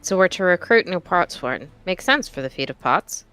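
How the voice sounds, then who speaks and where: An earnest young heroine speaks in a low, smooth voice, read by a woman in her own tone. She presses her points with questions. The delivery is a plain reading of game dialogue. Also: lively intonation, moderate pace, fairly bright tone, faint music behind.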